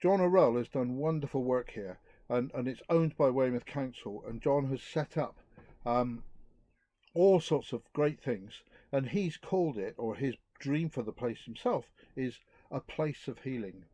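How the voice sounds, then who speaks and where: Earnest man giving a lively talk. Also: medium pitch, no room sound. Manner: earnest, lively, pauses to reflect. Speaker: youth speaker. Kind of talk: outdoor youth talk. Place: outdoors.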